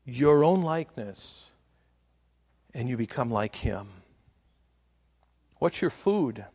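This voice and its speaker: A man's voice: a little high, a little mellow. Man preaching with rising emphasis. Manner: rising to emphatic, slow, stressed repetitions; rhetorical questions to the congregation. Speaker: pastor. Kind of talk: sermon.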